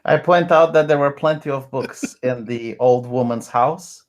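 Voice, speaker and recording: A man's voice: medium pitch, a little slow. Guy telling his character's story at the game table, earnest, lots of uhs. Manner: earnest, hesitant storytelling with many "uh"s. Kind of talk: in-character recounting during tabletop play.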